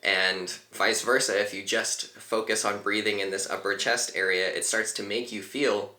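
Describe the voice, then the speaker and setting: A man leads a guided breathing meditation, speaking calmly and without hurry. His voice sits low but sounds bright and clear. The room around him gives a noticeable echo. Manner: calm, unhurried, gently instructive. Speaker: meditation teacher.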